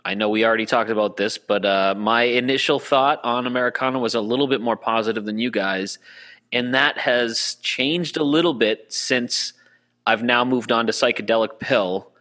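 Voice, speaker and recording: A man's voice: mid-range voice, moderate pace, pushed and bright. A man co-hosting a casual podcast over a video call, chatty and a bit nervous. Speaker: podcast co-host. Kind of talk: casual chat. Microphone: home computer mic on a video call.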